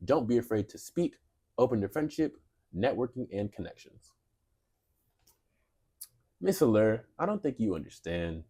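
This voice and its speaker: A man's voice: fairly low pitch, big pitch swings, normal speed, long pauses, warm tone, slightly rough. A man co-hosting a casual comedy podcast, sarcastically reading and mocking dating profiles. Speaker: podcast co-host.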